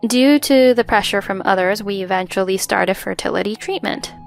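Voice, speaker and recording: Woman telling her story, kinda gravelly, earnest, soft music under it. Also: medium pitch, normal speed. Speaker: narrator. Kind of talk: first-person story narration. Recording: faint background music.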